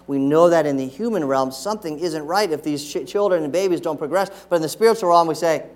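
Casting: middle-aged male pastor, conversational preacher, slightly raised pitch, asks the pews lots of questions. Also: fast, few pauses. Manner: acts out scolding voices to make a point. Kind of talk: sermon. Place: church sanctuary.

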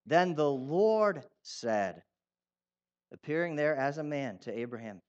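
A man preaching a sermon in a conversational way, asking his listeners questions and turning animated when he reads out quotes. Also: a little high, slow, lo-fi sound. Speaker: pastor.

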